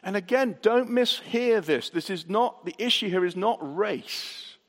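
A man's voice: sits high, lively intonation, a little slow, a bit bright. A man preaching a sermon, earnest, building his points with rhetorical questions and repetition, heard in a reverberant church hall. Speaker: pastor.

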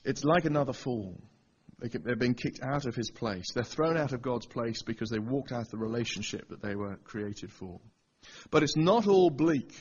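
A man's voice: mid-range voice, lively intonation, normal speed, husky, muffled recording. A man preaching a Bible teaching sermon, pressing his listeners with rhetorical questions. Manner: asks the audience rhetorical questions.

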